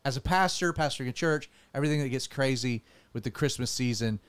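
A man's voice: medium pitch, fast, smooth. A man, a pastor hosting a casual studio podcast, joking and rambling with restarts.

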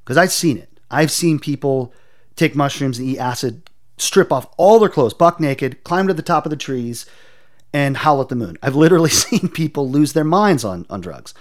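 A man telling a personal testimony in an interview, earnest and intense, often halting and repeating words as he searches for them. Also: mid-range voice, lively intonation. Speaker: interview guest.

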